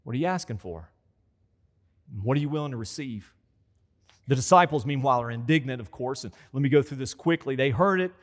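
A man's voice: medium pitch, lively intonation, brisk. A man preaching a conversational sermon as a pastor. He repeats phrases for emphasis and acts out quoted voices. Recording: long hall reverb.

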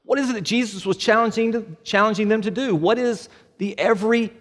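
Guy preaching in church, kinda high voice, lots of questions and jokes, big hall echo. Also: fast talker. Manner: animated, with rhetorical questions and joking asides. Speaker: pastor. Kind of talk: sermon. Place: church sanctuary. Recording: long hall reverb.

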